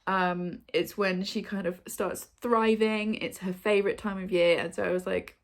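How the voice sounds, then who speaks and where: A woman's voice: mid-range voice, steady tone, moderate pace. A woman, hosting a book video and chatting to camera at home in front of her shelves. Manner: chatty, bubbly, many ums and likes. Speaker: booktube host. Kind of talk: casual chat to camera.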